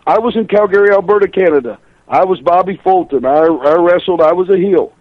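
Older guy on a muffled line, kinda high voice, chatty storyteller who laughs a lot. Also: fairly quick, dry recording. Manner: chatty storyteller, laughs through his tales. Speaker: guest, professional wrestler. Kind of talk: radio interview storytelling.

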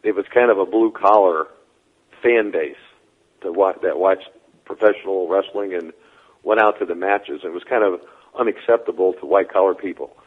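An interview guest speaks in a low, husky voice, calling in over a thin, tinny phone line. He tells his stories in a measured, deliberate way. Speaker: guest, former wrestling figure. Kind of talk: interview storytelling.

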